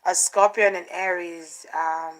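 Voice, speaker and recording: A woman doing a casual spiritual card reading for her channel, talking in an animated way, repeating phrases and acting out what others might say. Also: fairly low pitch, a little slow, low-quality recording. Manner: animated, repeats herself, acts out quotes. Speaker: tarot card reader.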